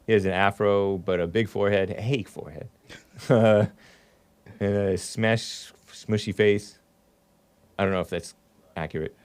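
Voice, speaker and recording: A man hosting a call-in show, sarcastic and quick to laugh as he steers the talk. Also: lowish voice, steady tone, a little mellow, clear, resonant tone. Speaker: host.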